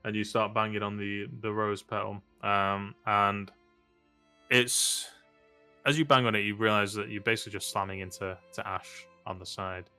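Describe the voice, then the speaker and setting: A man running a tabletop game as game master, relaxed and laughing, with many fillers. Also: lowish voice, normal speed, clean tone, faint music behind.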